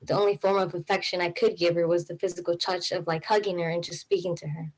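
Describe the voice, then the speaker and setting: A woman's voice: fairly low pitch, flat delivery, fast, rough recording. A young woman telling a personal story on stage, in a casual way with many fillers and an anxious tone. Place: stage at a live event.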